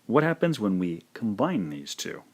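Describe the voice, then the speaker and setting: Slow, careful man teaching a lesson. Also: fairly low pitch, very animated, a little mellow. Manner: slow, careful, repeats each sound. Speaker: language teacher. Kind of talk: scripted lesson narration.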